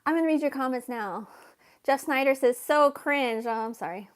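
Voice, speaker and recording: Woman, livestream host; soft-spoken, chatty, a touch high-pitched. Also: moderate pace. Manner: soft-spoken, chatty, baby-talks to her cat. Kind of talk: casual livestream chat, reading comments.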